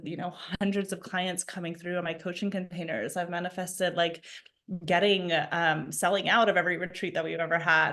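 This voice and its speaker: A woman in her thirties with a fairly low voice, speaking as a podcast guest. She talks in an animated, casual way, packed with "like" fillers and emphatic repetitions, and comes through a remote call microphone. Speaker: podcast guest, spiritual coach. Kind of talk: casual conversational storytelling. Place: at home property, indoors.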